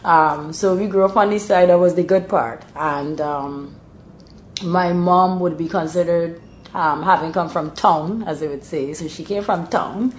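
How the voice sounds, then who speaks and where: A woman with a Bajan accent talks in an easy, explanatory way, and her voice brightens now and then. Her pitch sits on the lower side. The sound carries a noticeable room echo. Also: measured pace, slight background noise. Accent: Bajan (Barbadian). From Barbados. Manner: explains patiently, bursts brighter when mimicking local speech. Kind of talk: casual explanatory chat. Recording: roomy echo.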